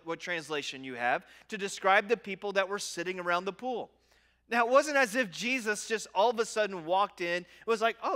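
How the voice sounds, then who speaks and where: A man's voice: sits high, sharp tone. A man in his forties preaching a sermon as a pastor, talking conversationally with self-deprecating humor and often restarting and repeating phrases.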